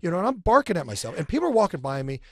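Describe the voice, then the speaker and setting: A middle-aged man telling an animated personal story as an interview guest. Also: high voice, rapid-fire, background noise. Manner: animated, acts out his inner argument.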